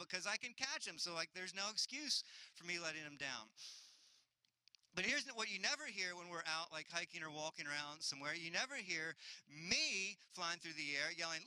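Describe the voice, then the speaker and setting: A man's voice: high voice, animated, fairly quick, sharp tone, smooth, rough recording. A man in his thirties preaching a sermon, earnest and building with repetition, sometimes acting out other voices. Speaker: pastor.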